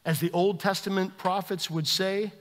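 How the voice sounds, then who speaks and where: A man preaching a sermon as a pastor, impassioned, swinging between loud intensity and quiet emphasis. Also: sits high, steady tone, normal speed, long reverb tail.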